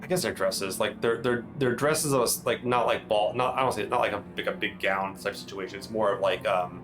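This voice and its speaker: A man's voice: fairly low pitch, a little fast, music in the background, low-quality recording. A man narrating a tabletop game as game master, rambling and restarting often. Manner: rambling, lots of fillers and restarts.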